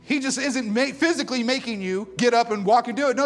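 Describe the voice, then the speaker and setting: High-voiced impassioned male preacher. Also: quick pace, few pauses, soft background music. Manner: impassioned, rhetorical questions, swings from loud to hushed. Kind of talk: sermon.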